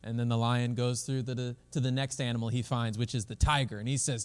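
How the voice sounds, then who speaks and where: A man's voice: medium pitch, level tone, brisk, clean tone. A male pastor preaching a sermon in a church in a casual, conversational way, often restarting his phrases. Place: church sanctuary. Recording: long hall reverb.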